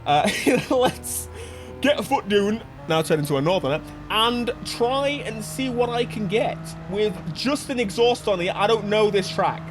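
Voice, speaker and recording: High-voiced excitable man commenting on racing. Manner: excitable, jokey, laughs often. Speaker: gaming channel host.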